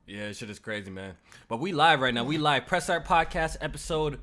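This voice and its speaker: A man's voice: a little high, moderate pace. A man hosting a casual gaming podcast, telling stories with lots of swearing and slang. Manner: animated, swearing, storytelling. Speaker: podcast host.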